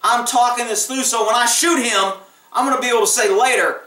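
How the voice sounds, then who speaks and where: Blunt cop in an echoey room. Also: male voice, extremely high pitch, steady tone, brisk, bright, forceful tone, distant mic. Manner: blunt and emphatic, acts out quoted callers. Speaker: police officer giving advice. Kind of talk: casual vlog monologue.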